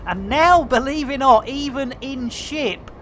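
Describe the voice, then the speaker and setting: A woman's voice: high-pitched, lively intonation, unhurried, a bit bright, slight background noise. A woman streaming a game, chatting casually with playful slang and silly asides. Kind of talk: casual live-stream chat.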